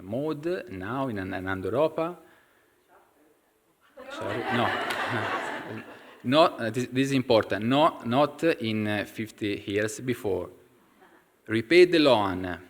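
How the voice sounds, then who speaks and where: Man with an Italian accent, halting English. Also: medium pitch. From Italy. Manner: halting, searching for English words with many fillers. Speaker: community member sharing a story. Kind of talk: informal talk to a class. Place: temple hall.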